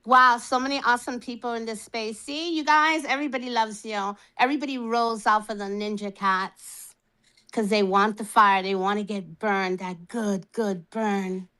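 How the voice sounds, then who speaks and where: A woman's voice: fairly high pitch, fairly even intonation, moderate pace, pushed and bright, clear, resonant tone, poor audio. A woman chatting in a live online audio space, playful and teasing, rambling with lots of "you know". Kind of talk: casual live-stream chat.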